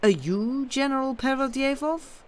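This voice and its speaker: A woman's voice: high voice, animated, measured pace, voice pushed up. A woman voicing a capricious, imperious old male official with a lisp. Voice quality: lisping.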